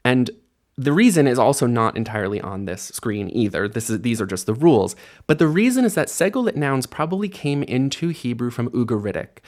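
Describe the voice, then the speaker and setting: A man teaching an online language lesson in a casual, friendly way, explaining grammar and repeating words aloud for practice. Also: mid-range voice. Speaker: Hebrew teacher.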